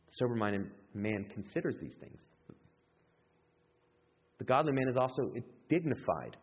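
Husky male preacher in an echoey hall. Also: unhurried. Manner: animated, acts out excited quotes with big pitch jumps. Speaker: pastor. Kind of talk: sermon. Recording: echoey hall, dull lo-fi sound.

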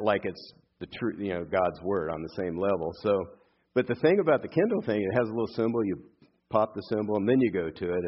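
A man's voice: low-pitched, muffled recording. An older man, a pastor, giving a conversational sermon with frequent fillers and friendly asides.

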